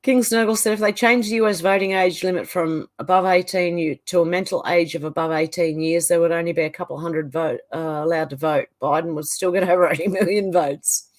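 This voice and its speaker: A woman's voice: fairly low pitch, steady tone, fairly quick, few pauses. Middle-aged aussie woman reading out her live chat, chatty, trails off and restarts a lot. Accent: Australian. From Australia. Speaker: livestream host.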